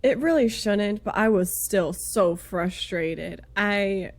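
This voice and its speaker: A woman co-hosting a podcast in casual, expressive chat. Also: medium pitch, slow pace. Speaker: podcast co-host.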